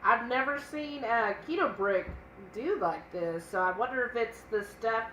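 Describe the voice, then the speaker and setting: A woman's voice: a little high, normal speed, sharp tone, roomy sound, slight background noise, low-quality recording. A woman co-hosting a casual cooking live stream, chatting and reading viewer comments aloud. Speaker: cooking channel co-host.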